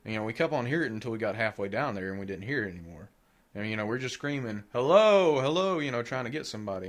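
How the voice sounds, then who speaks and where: Low-voiced man spinning a ghost story. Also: a bit bright. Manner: laid-back storytelling with frequent swearing. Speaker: podcast co-host. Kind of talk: casual chat.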